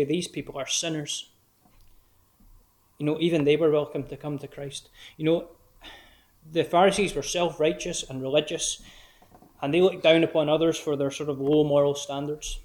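A man preaching a sermon in a gospel hall, earnest and direct, slowing down to read scripture with emphasis. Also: fairly high pitch, steady tone, a little mellow. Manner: earnest, direct address to the listener, slow emphatic scripture reading.

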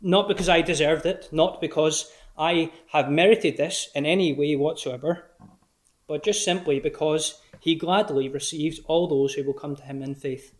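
An earnest man preaches a sermon at a measured pace, his voice a bit higher than the typical man's. His intonation stays fairly even, and he slows down when quoting verses.

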